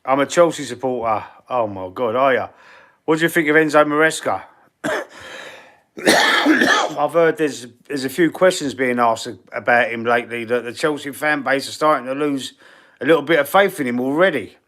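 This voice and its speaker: A middle-aged man with a broad Cockney London accent talks loosely into his streaming mic. He sits at an ordinary middle pitch and wanders between topics. He answers chat messages out loud in a blunt, sweary way. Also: normal speed. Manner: chatty and rambling, reads viewer comments aloud and answers them. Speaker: football channel live-stream host. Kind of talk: casual live-stream chat.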